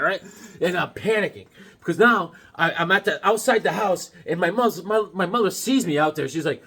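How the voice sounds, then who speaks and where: A man's voice: high voice, fairly quick, breathy edge. A man casually telling a childhood story and showing comics from his collection, acting out yelps and other voices along the way. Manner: animated, acts out voices and yelps mid-story.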